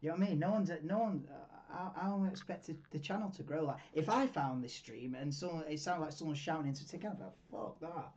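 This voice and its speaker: A man's voice: fairly high pitch, fast, hardly any pauses, slight background noise. Guy rambling on a live stream, swears a lot, lo-fi tin-can sounding mic. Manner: excitable, rambling, swears freely. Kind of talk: casual live watchalong chat. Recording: dull lo-fi mic, tinny.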